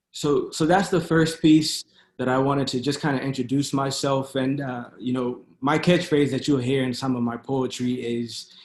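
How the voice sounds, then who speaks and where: A poet reads his own work aloud over a video call, his medium-pitched voice echoing in the room. The delivery is rhythmic spoken word, with hesitant fillers between pieces.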